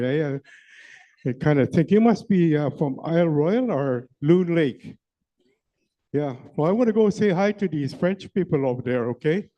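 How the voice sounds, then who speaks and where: A man's voice: fairly high pitch, dark tone, natural voice. A man playing Moccasin Joe, teasing joker. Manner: teasing, rambling, chatty, peppered with "eh". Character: flirty rambling joker man of middle age. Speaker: stand-up comedy character entertaining a crowd. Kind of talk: live crowd-work comedy. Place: large event hall. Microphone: handheld mic. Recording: dull, muffled live-event recording.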